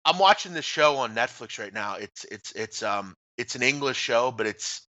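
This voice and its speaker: A man co-hosts a casual sports radio show, trading blunt trash talk and often letting his phrases trail off at the end. His mid-range voice is expressive and sharp, at a moderate pace. The recording is dry.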